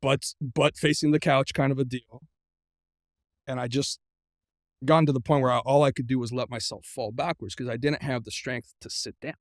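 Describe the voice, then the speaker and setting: A middle-aged man as an interview guest, earnestly recounting a personal ordeal, often halting and repeating words as he speaks. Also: medium pitch, fairly even intonation, no echo, studio quality. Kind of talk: personal storytelling in a conversation.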